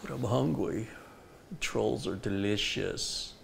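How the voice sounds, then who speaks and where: A man's voice: fairly low pitch, takes it slowly, gravelly, a little hiss or hum, full character voice. A man voicing his eager, hungry pet dog who begs for attention in a playful, pleading way.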